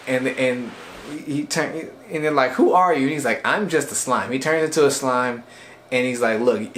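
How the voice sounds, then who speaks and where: A man's voice: mid-range voice, fairly bright tone, a little hiss or hum. A man giving a casual, rambling recap of an anime episode for a review video, with frequent restarts and fillers.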